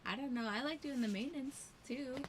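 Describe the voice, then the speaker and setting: A woman co-hosting a casual livestream from a sailboat, reading viewer comments aloud and adding short, relaxed remarks. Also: high voice, a little fast, slight background noise. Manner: relaxed, brief remarks, often laughing along. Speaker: livestream co-host living on a sailboat.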